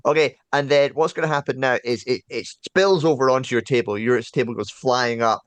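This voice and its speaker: A man's voice: medium pitch, a little fast, no echo. A man narrating as game master of a tabletop horror game, telling the scene with many fillers. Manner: lively storyteller, many fillers.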